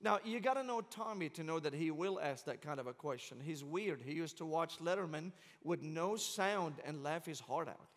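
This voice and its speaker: Man, Syrian accent, middle-aged preacher, high voice, fiery and joking, long church reverb. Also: normal speed, hardly any pauses. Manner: passionate, joking storyteller. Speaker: guest preacher. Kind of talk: sermon. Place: large church sanctuary.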